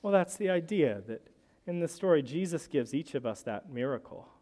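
A man preaching a sermon as pastor, telling stories in a conversational, lively way. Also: on the high side, normal speed. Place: church. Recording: church hall with long reverb.

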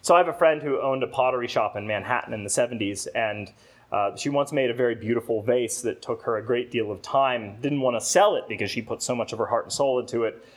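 Male preacher, mid-pitched, sermon storytelling with acted-out asides. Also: quick pace. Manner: storytelling, acts out a talking vase with rising exclamations. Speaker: rector preaching.

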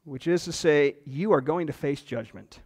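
Male pastor, earnest sermon delivery, slightly high voice, long hall echo. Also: moderate pace, darkish tone. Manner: earnest, emphatic preaching.

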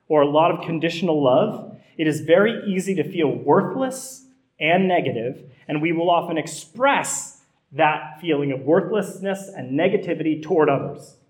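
A man's voice: on the high side, a little mellow. A middle-aged man, a pastor, preaching a sermon in a conversational way that builds to emphatic repetition.

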